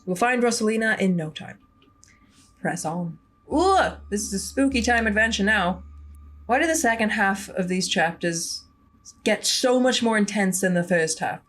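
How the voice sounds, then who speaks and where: A woman's voice: medium pitch, expressive, moderate pace. A young woman gaming YouTuber chatting with her viewers and reading a story game's narration aloud. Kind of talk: let's play narration and chat.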